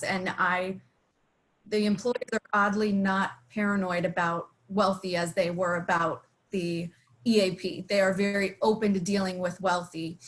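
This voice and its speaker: A woman's voice: medium pitch, rough recording. A woman speaking as an employer on a webinar panel, enthusiastic and plain-spoken with fillers. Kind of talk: webinar discussion.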